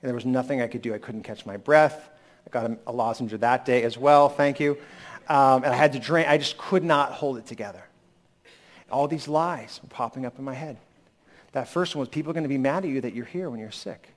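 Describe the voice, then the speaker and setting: A man's voice: medium pitch, brisk. A man preaching a sermon in a candid, conversational way, recovering from a lingering cold. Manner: candid, conversational preaching with sudden emphatic rises. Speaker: pastor.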